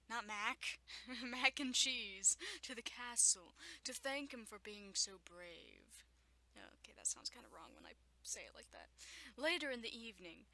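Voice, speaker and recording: A woman's voice: fairly high pitch, pushed and bright. A young woman at home reading a children's story aloud, often stopping to joke, laugh and make sarcastic asides. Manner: frequent laughter and stumbles. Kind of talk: reading aloud with running commentary.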